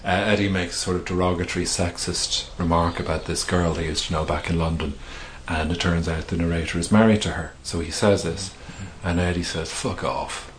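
A man's voice: low voice, steady tone, fairly quick, hardly any pauses, a little hiss or hum. A middle-aged male author being interviewed, talking thoughtfully with hesitations and restarts. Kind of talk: reflective conversational interview.

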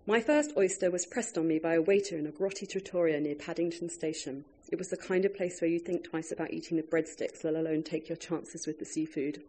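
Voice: medium pitch, fairly quick, few pauses, dark tone, breathy edge. An author reading their own food writing aloud to a live audience, wry and breaking off now and then for chatty asides.

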